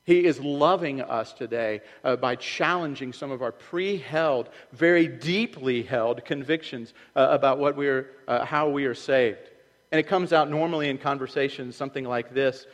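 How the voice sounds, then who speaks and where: A man's voice: medium pitch, normal speed, long reverb tail, rough recording. A man preaching a sermon as pastor, in a loose conversational way that acts out the voices he quotes. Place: church sanctuary.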